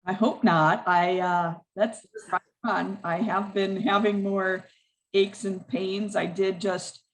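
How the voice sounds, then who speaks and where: A woman's voice: mid-range voice, steady tone, takes it slowly, poor audio. A woman being read for as a client, chatting hesitantly about her life. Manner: hesitant, restarts and qualifies. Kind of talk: casual chat.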